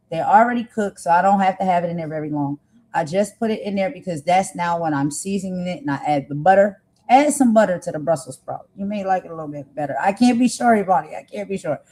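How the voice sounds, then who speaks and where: A woman's voice: mid-range voice, dark tone. A woman hosting a live cooking stream in a casual, chatty way, reading viewer comments aloud and rambling with filler phrases. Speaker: cooking channel host.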